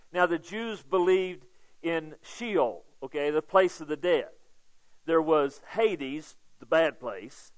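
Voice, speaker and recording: A man preaching a sermon to his congregation, talking it through like a conversation, checking in with "okay?" and swelling louder on key points. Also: on the high side, rough recording. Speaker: pastor.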